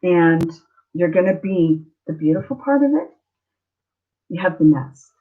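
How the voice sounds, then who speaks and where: A woman's voice: lowish voice, expressive, unhurried, phone-quality sound. A woman giving a live online tarot reading, earnest and emotional, often checking in with the listener. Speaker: tarot reader.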